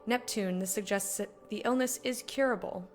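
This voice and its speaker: A woman's voice: medium pitch, normal speed, faint music behind. A woman streaming live, joking about a game and reading its text aloud in a chatty, playful way.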